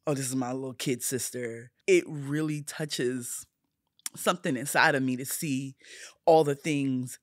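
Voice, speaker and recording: A middle-aged woman speaks in a casual podcast chat. She is earnest and openly emotional, often stretching her words out slowly. The sound is close and dry, with no room around it. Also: extremely low pitch, steady tone, dry recording. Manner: emotional, earnest, drawn-out phrasing. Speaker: guest, older sister.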